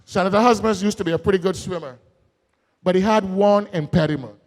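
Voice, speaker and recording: A man with a Barbadian accent giving a political rally speech, folksy and joking, then building to shouted emphasis. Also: sits high, brisk. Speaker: political speaker. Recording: long hall reverb.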